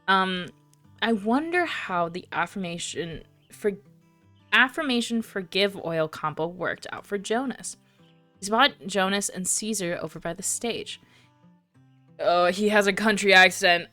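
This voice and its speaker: A woman's voice: mid-range voice, animated, measured pace, a bit bright, no room sound, soft background music. A woman streamer reading a story game aloud, with chatty, self-deprecating asides.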